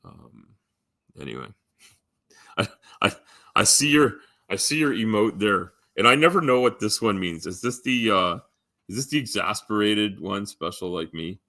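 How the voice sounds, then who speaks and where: Low, bright-voiced rambling male streamer. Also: expressive, measured pace, long pauses, no echo, studio quality. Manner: rambling, hesitant, lots of ums and restarts, swears casually. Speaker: live streamer. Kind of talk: casual live stream chat.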